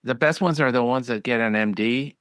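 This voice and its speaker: A man's voice: medium pitch, a little fast, fairly bright tone, clear, resonant tone, no room sound. A man who is a physician, hosting a podcast and chatting bluntly, acting out other voices when he tells stories. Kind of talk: casual interview chat.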